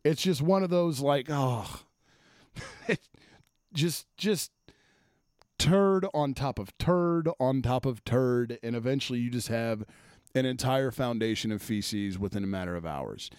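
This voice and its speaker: A man hosting a sports talk show, ranting bluntly and swearing freely. His voice is mid-pitched and plain. It is recorded close and dry, with no room sound. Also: unhurried, darkish tone, clear, resonant tone, no room sound. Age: adult, former offensive lineman. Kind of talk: profane sports rant.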